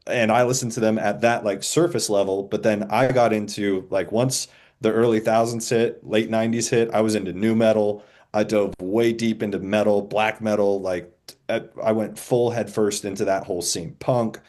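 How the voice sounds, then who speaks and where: A man in his forties, a band's drummer, talking in a relaxed, rambling, self-deprecating way as a podcast guest. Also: lowish voice, normal speed. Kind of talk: casual podcast chat.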